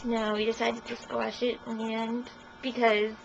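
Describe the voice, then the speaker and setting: A young woman chats through her side of the story in a casual interview, giggly and peppering her talk with "like". Her voice sits fairly high with a strong creak, and the recording is muffled with a faint hiss. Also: level tone, moderate pace. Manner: chatty, giggly, lots of "like".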